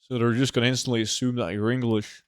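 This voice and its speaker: A man's voice: medium pitch, level tone, fast talker, clear, resonant tone, no room sound, clean studio sound. A man from Norway with a Norwegian accent, chatting casually and loosely as a gaming streamer host, swearing and rambling. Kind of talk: casual chat while gaming.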